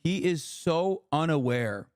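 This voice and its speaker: A man's voice: a little high, expressive, takes it slowly, darkish tone, dry recording, studio quality. Sarcastic, profane male streamer. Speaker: streamer reacting to a video. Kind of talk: casual live-stream commentary.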